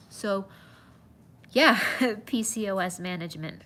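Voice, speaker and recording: A woman's voice: medium pitch, slow pace, long pauses, a bit bright, slight background noise. A woman nutrition coach talking earnestly to viewers in a live stream, often saying "you guys".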